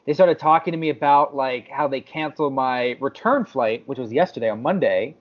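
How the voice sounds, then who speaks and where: The recording is slightly dull lo-fi, capturing a podcast co-host with a medium pitch and fairly quick delivery. He spins a story in casual conversation, animatedly voicing what other people said.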